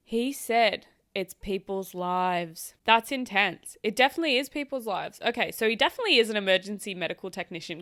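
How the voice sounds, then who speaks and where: A young woman hosts a casual podcast, reading stories aloud and breaking in with sarcastic, chatty remarks. Her voice sits at an ordinary pitch and is close to the mic. The sound is dry, with no room echo. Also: pushed and bright. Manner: chatty, sarcastic asides, swears, laughs easily. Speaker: podcast host.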